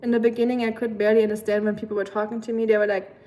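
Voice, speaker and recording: A woman's voice: on the high side, level tone, rapid-fire, mellow. A woman from Germany with a German accent, chatting casually and rambling with lots of fillers on a livestream. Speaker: live streamer.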